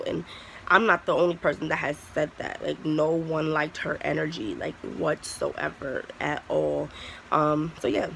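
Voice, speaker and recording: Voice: medium pitch, gravelly, a bit bright, a little hiss or hum, low-quality recording. A young adult vlogger telling a personal story in a candid, profane, casual way, full of "like" and restarts. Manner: candid, profane, heavy use of "like".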